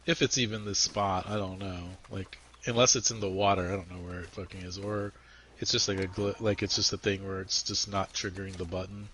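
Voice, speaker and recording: Male gamer, casual chat, cursing a lot, animated storyteller, faint background noise. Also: low-pitched, fairly quick, rough recording. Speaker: gamer playing with friends. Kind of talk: casual chat while gaming.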